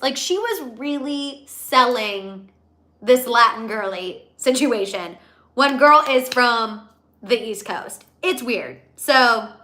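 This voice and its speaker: A young woman hosting a casual celebrity gossip livestream, animated and gossipy, reading out viewer comments. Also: fairly high pitch. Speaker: gossip show host.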